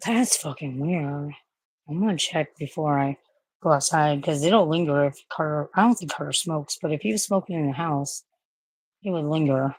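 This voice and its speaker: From her bedroom, a woman with a low voice rambles casually to her livestream viewers at a moderate pace, swearing freely and cooing at her pets. There's no echo in the recording.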